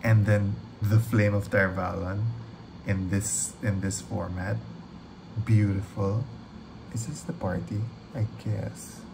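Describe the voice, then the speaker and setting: A man hosting a trailer reaction video, gushing excitedly, rambling and swearing freely. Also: lowish voice, slow pace, gravelly, noisy background.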